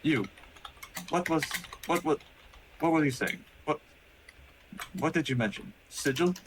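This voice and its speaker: A man's voice: a little high, expressive, a little hiss or hum, voice pushed up. A man voicing a stiff, mechanical male clockwork construct that stammers and repeats its questions. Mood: puzzled. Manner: halting, repeating, seeking confirmation.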